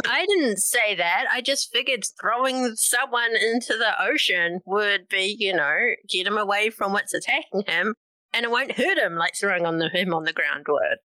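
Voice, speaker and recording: A woman's voice: medium pitch, normal speed, sharp tone, no room sound. A woman playing in a tabletop game, thinking aloud and hesitating. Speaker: player. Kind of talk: casual tabletop play.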